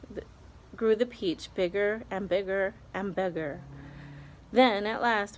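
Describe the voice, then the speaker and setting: A woman's voice: mid-range voice, rough recording. A woman, a teacher, reading a children's novel aloud expressively, with small slips and restarts.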